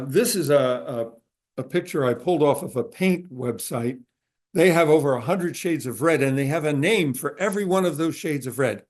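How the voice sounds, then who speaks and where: Man giving a relaxed conversational lecture. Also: fairly high pitch. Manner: relaxed, explanatory, with frequent "uh" pauses. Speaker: speaker giving a talk to a group. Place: room with a live audience.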